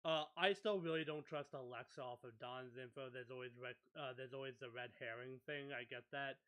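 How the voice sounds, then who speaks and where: A man with a bright, forward tone works through his game strategy out loud on a voice call. He talks casually, with fillers and restarts, at a middling pitch. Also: fairly even intonation, fairly quick. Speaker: player in a social deduction game.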